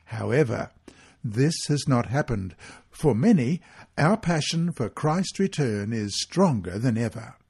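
A man reading a weekly Bible study guide aloud, measured and earnest, reading the scripture passages in full. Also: mid-range voice, lively intonation, vocal fry, a little mellow, breathy edge.

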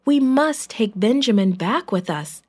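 A woman voicing a group of worried adult brothers, speaking higher and pleading anxiously. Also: lively intonation, unhurried.

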